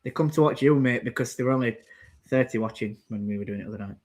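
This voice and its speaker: A man's voice: medium pitch, racing, a little mellow. A man with an everyday mid-range voice co-hosts a football watchalong. He rambles through his opinions, reels off substitutions and describes the play as it happens. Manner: rambling, calls out substitutions and plays. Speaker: co-host commentating on the match. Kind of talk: casual football watchalong chat.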